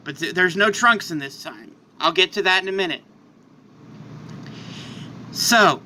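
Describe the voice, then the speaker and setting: A man casually improvising a fan story, in a rambling, animated way. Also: high voice, a little hiss or hum.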